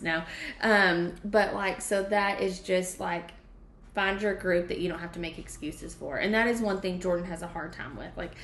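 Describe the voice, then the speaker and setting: A woman hosting a podcast, speaking candidly and from the heart about grieving her mother. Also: on the low side. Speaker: podcast host. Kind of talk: emotional podcast conversation. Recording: echoey room.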